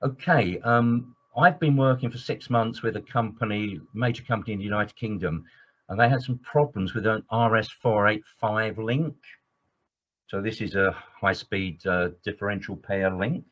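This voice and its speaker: Teaching engineering in a webinar, this trainer speaks at a moderate pace in a fairly low, somewhat bright voice. He gets excited, wanders into digressions and fills pauses often, all through dull lo-fi audio.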